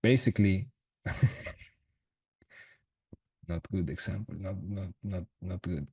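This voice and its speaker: A man with a low, husky voice chats loosely through his trades on a livestream, full of slang and swearing and quick to laugh. He sounds a bit off-mic, as if the microphone sits some distance away. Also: fairly even intonation, darkish tone. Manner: slangy, swears, laughs often, thinks aloud. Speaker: trader streaming his chart analysis. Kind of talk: casual livestream chat.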